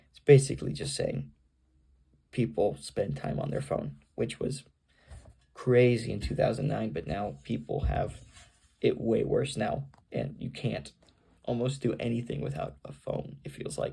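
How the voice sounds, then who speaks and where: Young man with gravelly vocal fry. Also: lowish voice, a little slow, dark tone. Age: young adult. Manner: rambling, self-conscious, many fillers. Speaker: grandchild recording readings for family. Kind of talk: casual home video, reading aloud. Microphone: camera's built-in mic, no external microphone.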